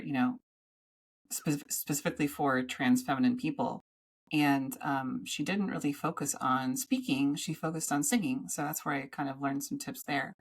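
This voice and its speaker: A woman with a low-pitched voice co-hosts a casual podcast. She rambles, stops and restarts her sentences, and talks into a studio microphone. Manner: rambling, halting, with many restarts. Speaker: podcast co-host.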